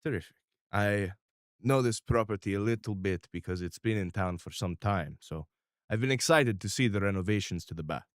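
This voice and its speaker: A man voicing a stiff, formal, middle-aged boss who is wary of change and speaks in a measured way. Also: on the low side, no room sound, studio quality, natural voice.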